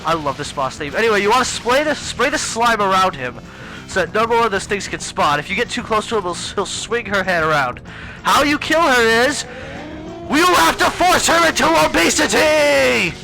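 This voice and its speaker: High, lively young gamer guy. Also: a little fast, soft background music, low-quality recording. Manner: chatty, rambling, excitable. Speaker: let's play gamer. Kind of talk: casual gameplay commentary.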